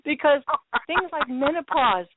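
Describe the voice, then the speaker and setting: A woman's voice: high voice, expressive, measured pace, very noisy. A woman hosting a paranormal talk show, telling stories in a chatty, emphatic way over a phone line. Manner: chatty storyteller, emphatic, laughs easily. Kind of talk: casual talk show chat. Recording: tinny phone-line sound, dry.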